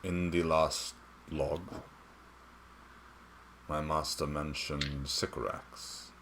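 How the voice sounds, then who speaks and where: A man's voice: extremely low pitch, steady tone, very slow, noisy background, exaggerated voice. A man voicing a reserved young male scholar apprentice who answers tersely and guardedly.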